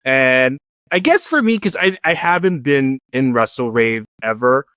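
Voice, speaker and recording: A man's voice: mid-range voice, expressive, measured pace, sharp tone, dry recording, clean studio sound. A man hosting a casual podcast interview, giggly and easily amused. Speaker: podcast host.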